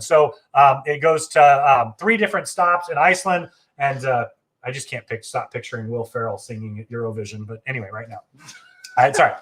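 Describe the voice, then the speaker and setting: A fairly high-voiced man talks through a travel live stream in a loose, enthusiastic way. He is chatty and often restarts his sentences and fills pauses with ums and uhs. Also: fairly bright tone. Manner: chatty, enthusiastic, frequent fillers and self-corrections. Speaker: travel agency host. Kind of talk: casual live stream walkthrough.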